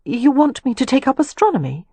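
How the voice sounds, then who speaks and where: A woman narrator voicing a sharp, skeptical young lady companion with a prim, questioning manner. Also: high voice, very animated, fairly quick, breathy edge, dry recording, voice pushed up, exaggerated voice. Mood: flustered.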